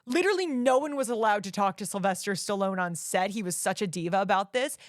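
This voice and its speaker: A woman's voice: medium pitch, animated, fast, no room sound, clean studio sound. A woman co-hosting a podcast, chatting casually and emphatically about a movie, often saying "like". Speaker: podcast co-host. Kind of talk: casual movie review chat.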